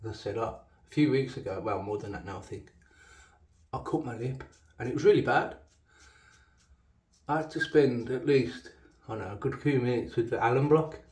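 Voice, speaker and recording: A man's voice: mid-range voice, moderate pace, long pauses, darkish tone, reverberant, distant mic. A man with a Black Country accent, chatting casually while shaving, often correcting himself and laughing. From Black Country, England. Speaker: shaving channel host. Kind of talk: casual rambling shaving commentary.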